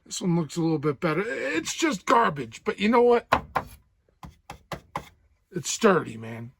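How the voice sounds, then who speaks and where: A man's voice: high voice, big pitch swings, normal speed, gravelly, background noise. A man filming his own home building project, talking casually, frustrated, swearing and mocking his own work. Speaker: DIY vlogger.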